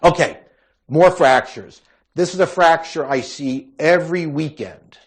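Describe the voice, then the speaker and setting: A man's voice: fairly high pitch, a little slow. A man giving a recorded medical lecture on hand injuries, talking conversationally with wry asides. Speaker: physician lecturer.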